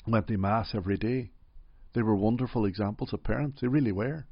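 Middle-aged Derry man, low gravelly voice, calm reflective storyteller, dry muffled sound. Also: a little fast, dry recording. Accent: Derry, Northern Irish. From Northern Ireland. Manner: gentle, reflective, frequent "you know". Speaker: interview guest. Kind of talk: personal storytelling in an interview.

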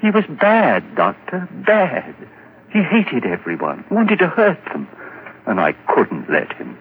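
An actor playing a nervous, guilt-ridden murderer in an old radio drama, stammering and rising to hysteria. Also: male voice, on the high side, huge pitch swings, slow pace, exaggerated voice. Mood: earnest. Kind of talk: 1940s radio acting. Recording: muffled old radio broadcast, hiss.

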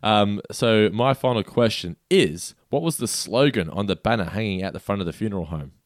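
Low-voiced man, laid-back chat. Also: expressive, a little fast, no room sound, studio quality. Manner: laid-back, hesitant, laughs often. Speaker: podcast co-host. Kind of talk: casual chat, trivia quiz.

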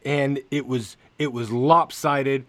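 A man's voice: medium pitch, steady tone, slow, fairly bright tone, no echo. A man co-hosting a podcast, teasing and sarcastic in casual banter, with plenty of swearing. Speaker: podcast co-host.

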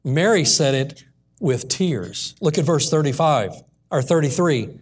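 A man preaching a sermon in a church, reading scripture aloud and slowing down earnestly on the key lines. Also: fairly high pitch, animated, breathy edge.

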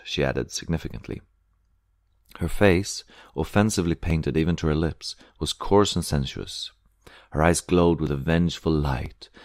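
A man reading a first-person memoir aloud as an audiobook, measured and steady. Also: rumbling low, creaky, no room sound, clean studio sound. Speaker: reader. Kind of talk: audiobook narration.

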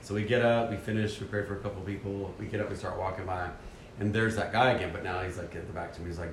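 A man casually telling a story about a church mission trip, animated and self-deprecating, acting out his own inner voice. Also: low-pitched, quick pace, roomy sound, a little hiss or hum.

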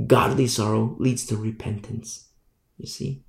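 A man preaching a sermon as pastor, emphatic, swinging from loud declarations to hushed asides and mimicking sinners' excuses. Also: mid-range voice, fairly even intonation, unhurried, creaky, reverberant.

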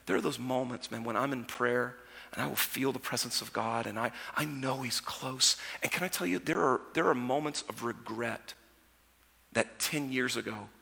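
A man preaching a sermon as pastor, talking conversationally and moving between lively storytelling and quiet, personal asides. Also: medium pitch, normal speed, creaky, husky. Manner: conversational preaching, swinging from loud storytelling to hushed intimacy. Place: church sanctuary. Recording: church sanctuary with long reverb.

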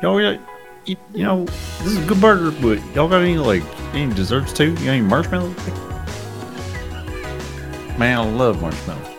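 A man's voice: on the high side, big pitch swings, moderate pace, gravelly, long pauses, over music. A man putting on a folksy drawling drifter. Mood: cheerful. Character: drawling easygoing young male drifter.

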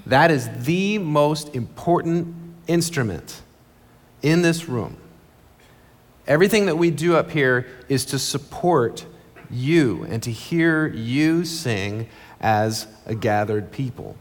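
A male pastor preaching an earnest, conversational sermon from a church stage, with quick asides. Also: medium pitch, expressive. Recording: long reverb of a large hall.

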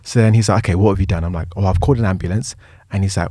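A young man with a British accent telling a story in a casual chat, animated and laughing often as he acts out other people's voices. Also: deep voice, very fast, no room sound, studio quality. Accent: British English.

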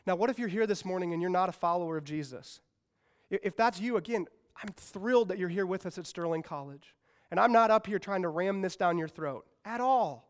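A man with a high, light voice preaches a sermon to a congregation. He is emphatic and repeats key phrases, building to loud peaks before dropping back down. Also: fairly quick, clean tone. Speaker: pastor. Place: church service.

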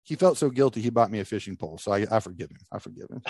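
A man hosting a casual podcast, telling a story with lively acted-out quotes. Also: on the low side, fairly quick, vocal fry, a little hiss or hum. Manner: animated storyteller acting out quotes. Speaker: podcast host.

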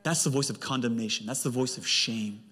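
A male pastor preaching a sermon with emphatic delivery and big swings in pitch. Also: fairly quick, a bit bright, husky. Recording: long hall reverb.

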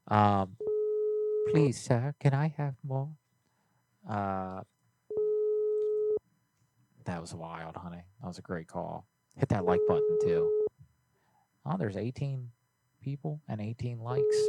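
A man's voice: on the low side, gravelly, very noisy. A man hosting a prank call livestream, crude and laid-back, talking close into a studio mic. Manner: crude, laid-back, calls people honey. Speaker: prank call show host. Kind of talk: livestream banter.

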